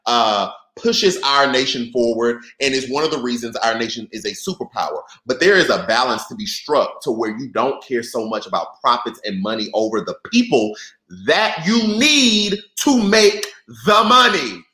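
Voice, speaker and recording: A man hosting a live political podcast, reading and reacting to viewers in a lively, direct way. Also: medium pitch, normal speed, few pauses, reverberant, poor audio. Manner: animated, talks straight to viewers. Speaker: podcast host. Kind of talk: live-stream political commentary.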